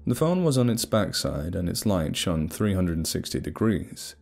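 A young adult man narrating a horror story in a steady, measured way. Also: deep voice, creaky. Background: faint music.

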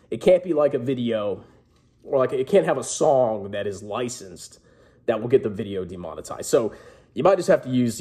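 A man's voice: mid-range voice, darkish tone, husky. A man talking casually and rambling to his viewers as a finance YouTuber, emphatic and chatty, often tacking on "okay?".

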